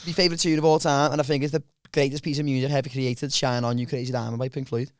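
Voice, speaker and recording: A man's voice: mid-range voice, level tone, fast talker, clean tone, no echo, clean studio sound. A young man chatting casually on a podcast, earnest about his favourite music. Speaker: podcast co-host. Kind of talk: casual chat.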